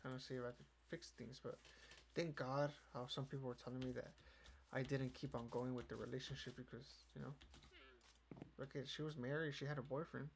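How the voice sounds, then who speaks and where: Brisk and gravelly, with little movement in his medium pitch, a young podcast host rambles through a casual chat. He swears and uses "you know" in almost every line, and keyboard clicks and noise are audible behind him.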